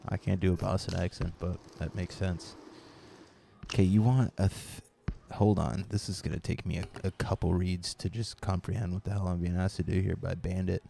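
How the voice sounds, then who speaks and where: A man's voice: low-pitched, steady tone, normal speed, creaky, mellow, slight background noise. A man casually chatting with live viewers while playing a BMX video game, rambling and reading the chat aloud.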